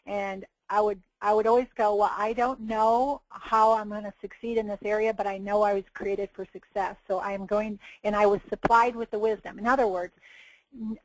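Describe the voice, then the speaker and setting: A woman's voice: mid-range voice, no room sound, low-quality recording. A woman giving a motivational coaching talk in an earnest, preachy way, acting out little quoted bits. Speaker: success coach.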